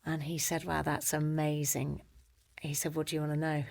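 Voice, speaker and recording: Middle-aged woman, British accent, fairly low voice, animated storytelling, acts out quoted voices. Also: normal speed, gravelly. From Britain. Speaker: guest. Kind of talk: personal storytelling in a conversation.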